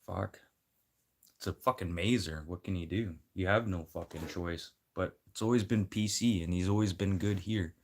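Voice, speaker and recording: Deep-voiced guy, blunt and rambling, swears constantly in a loose rant. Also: normal speed, a little mellow, a little hiss or hum. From Manitoba. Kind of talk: casual rant.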